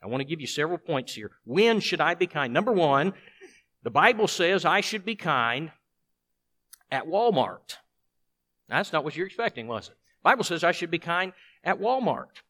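A man's voice: fairly high pitch, sing-song, normal speed, pushed and bright. A man preaching a sermon with emphasis, putting rhetorical questions to his congregation.

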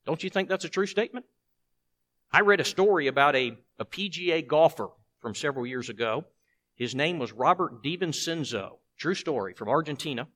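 A man's voice: fairly high pitch, animated, a little fast, a bit bright. A man preaching a sermon with emphasis, putting rhetorical questions to his congregation.

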